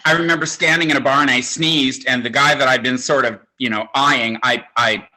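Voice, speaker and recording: A man's voice: medium pitch, steady tone, brisk, sharp tone, rough recording. A man in his sixties doing stand-up comedy, telling campy, self-mocking stories. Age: 60s.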